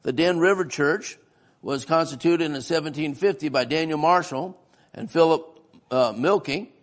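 A man's voice: a little high, moderate pace. A man preaching a sermon-style history lesson in a church, folksy and often asking the congregation questions.

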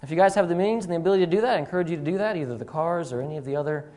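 A man's voice: on the high side, very fast, warm tone. Chatty young male guest preacher. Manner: chatty, self-deprecating humor with frequent fillers. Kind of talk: sermon. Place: church sanctuary.

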